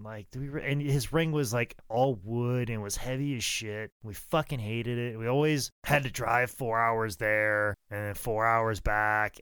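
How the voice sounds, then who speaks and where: A man in his thirties, a pro wrestler, telling casual stories in a rambling, profane, animated way. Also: on the low side, a little slow, hardly any pauses, smooth, no room sound. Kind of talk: casual storytelling.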